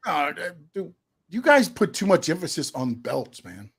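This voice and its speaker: A man's voice: a little high, sing-song, moderate pace, gravelly, a bit bright, breathy edge. A man co-hosting a casual wrestling talk show, skeptical and argumentative, often pressing with questions. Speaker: co-host.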